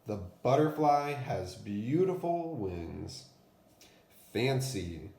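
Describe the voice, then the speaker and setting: A man teaching a phonics lesson to first graders and reading them a story, pronouncing each word clearly and deliberately. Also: medium pitch, expressive, darkish tone, reverberant. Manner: clear, deliberate enunciation for children.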